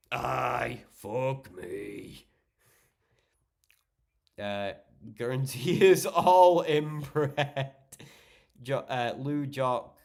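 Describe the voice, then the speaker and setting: Young Geordie streamer, lowish voice, blunt and sweary, casual chat. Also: male voice. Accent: Geordie, northeast English. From northeast England. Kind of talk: casual livestream chat reading viewer messages.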